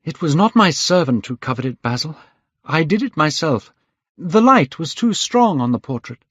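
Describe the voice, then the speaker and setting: A man's voice: fairly high pitch, very animated, normal speed, slightly rough, no room sound, pitched above the performer's own voice. A man reading aloud, voicing a secretive, frightened young man who pleads in a raised, urgent voice. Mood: pleading. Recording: dull, dry lo-fi recording.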